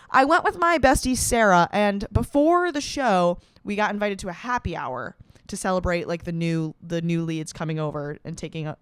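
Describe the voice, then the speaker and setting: A young woman riffs through a comedy podcast monologue in a chatty, sarcastic ramble, swearing freely. Her voice comes across smooth and clear, close to the mic in a dry, dead room. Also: medium pitch, a bit bright, dry recording. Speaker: podcast host.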